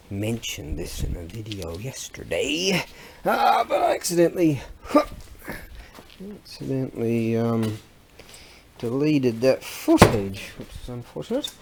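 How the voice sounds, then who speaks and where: A man's voice: mid-range voice, very animated, unhurried, long pauses, slight background noise. A man, chatting casually in a rambling, self-interrupting vlog. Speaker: vlogger.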